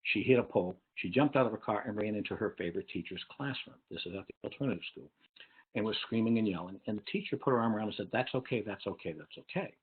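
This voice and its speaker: A man with a low, husky voice gives a lecture to teachers and parents, walking through ideas and stopping often to ask "okay?". The sound is thin and tinny, like an online call. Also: quick pace. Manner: explains with frequent "okay?" check-ins. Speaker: webinar presenter. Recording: tinny phone-like online webinar audio.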